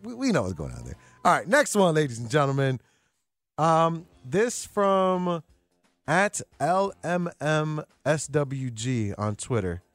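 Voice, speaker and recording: A man's voice: a little high, sing-song, measured pace, dry recording, soft background music. A man hosting a sports radio show in a studio, talking in a joking, slangy way. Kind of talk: casual sports talk radio. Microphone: studio microphone.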